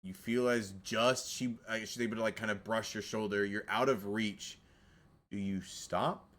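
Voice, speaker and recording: A man narrating as game master of a tabletop role-playing game, slow and descriptive, with casual asides. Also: lowish voice, fairly even intonation, a bit bright.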